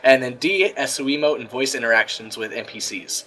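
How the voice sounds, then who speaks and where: A man hosting a casual gaming roundtable, talking with excitable enthusiasm. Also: medium pitch, fairly quick, low-quality recording.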